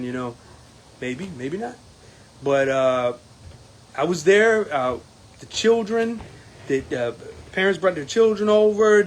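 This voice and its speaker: Brief: a man with a fairly high voice, a union steward recapping an event to camera, defiant, emphatic, full of ums and restarts, faint background noise. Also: poor audio. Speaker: union steward campaigning for local president. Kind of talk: casual talking-to-camera recap.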